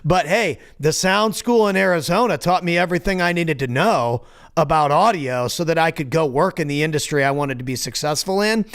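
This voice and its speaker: A man's voice: fairly high pitch, brisk, a bit bright. A man hosting a casual conversation, speaking bluntly and with emphasis. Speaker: podcast host. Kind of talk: casual chat.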